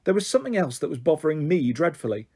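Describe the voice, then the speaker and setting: A man reading a children's novel aloud in expressive storytelling narration. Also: fairly high pitch, fast, husky.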